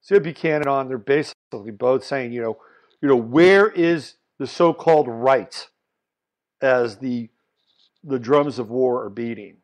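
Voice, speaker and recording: Blunt, animated man talking politics. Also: medium pitch, a little slow. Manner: animated, blunt, swings between loud emphasis and muttered asides. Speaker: podcast host. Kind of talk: solo political commentary.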